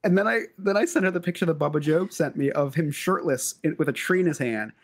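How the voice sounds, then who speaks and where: Speaking fast in a voice on the high side, a comedy podcast co-host shares a story and reads messages aloud. His delivery is lively and full of laughs.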